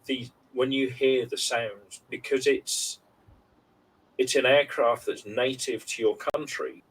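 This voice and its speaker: A British man in his forties co-hosts a podcast, chatting casually and telling rambling, heartfelt stories packed with fillers. His mid-range voice is steady, a little bright and husky, and he speaks slowly. The mic sits slightly far off, with faint noise in the background.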